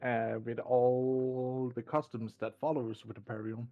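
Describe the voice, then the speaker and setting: Male game master, unhurried, vivid scene narration, restarts his words often. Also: mid-range voice, level tone, vocal fry, darkish tone. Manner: deliberate, descriptive, with frequent restarts.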